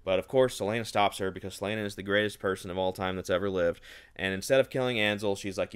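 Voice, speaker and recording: A man recapping a book in a casual, rambling rant, dripping with sarcasm. His voice sits on the low side. He sounds exasperated throughout. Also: fairly even intonation, fast talker, clear, resonant tone. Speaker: book reviewer.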